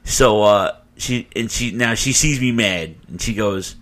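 A man with a somewhat low voice tells a rambling story in casual chat, swearing freely and getting animated. The talk is relaxed and conversational, like a co-host holding the floor. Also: a little slow. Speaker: podcast co-host telling a story.

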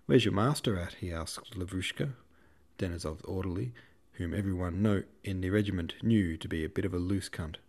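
Male audiobook narrator, irreverent, swears, cheeky asides, low voice. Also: normal speed, a little mellow. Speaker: podcast host reading a novel.

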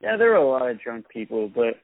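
A man's voice: mid-range voice, very animated, fast, creaky, dry recording, phone-quality sound. A man hosting a podcast, chatting casually with laid-back short replies and dry quips. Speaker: podcast host. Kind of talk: casual chat.

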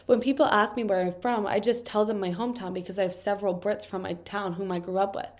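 A young woman with a stuffed-up, congested voice, casually reading confession posts aloud and chatting through them with quick, wry asides. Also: medium pitch, steady tone. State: congested from allergies. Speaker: video host reading and reacting to confession posts.

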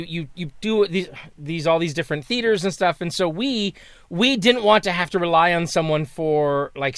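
A man co-hosting a casual chat, rambling with many restarts and dropping deadpan jokes over a video call. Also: on the high side, clean tone, dry recording, clean studio sound. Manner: rambling, self-interrupting, playful deadpan jokes. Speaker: guest co-host.

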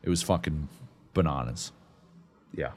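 A man's voice: extremely low pitch, unhurried, darkish tone. A man, co-hosting a podcast, telling stories in a profane, rambling, casual way. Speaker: podcast co-host. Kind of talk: casual chat.

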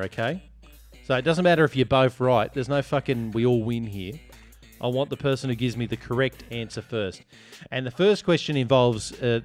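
A man hosting a casual podcast, joking and teasing as he reads listener reviews. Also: medium pitch. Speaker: podcast host. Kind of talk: casual chat.

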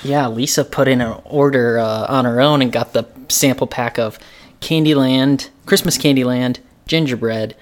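A man's voice: mid-range voice, moderate pace. Laid-back man hosting a podcast. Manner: laughs easily, relaxed banter. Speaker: podcast host. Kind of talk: casual chat. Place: loft converted into a studio.

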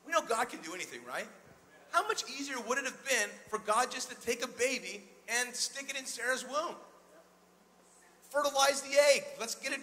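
A male pastor preaching an energetic sermon in a church, calling out to the congregation and retelling scripture in a casual, conversational way. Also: very high voice, moderate pace. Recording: long hall reverb.

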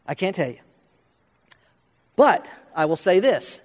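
High-voiced preacher in a reverberant hall. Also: male voice, very animated. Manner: talks quickly, restarts and fills in with uh, rising to questions. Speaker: pastor. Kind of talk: sermon.

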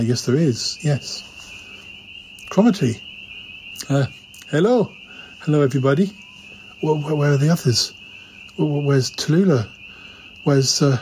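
A man's voice: mid-range voice, a little mellow, a little hiss or hum, low-quality recording. A man hosting a comedy podcast, talking in a flustered, stammering way. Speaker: podcast host. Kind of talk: comedic improvised chat.

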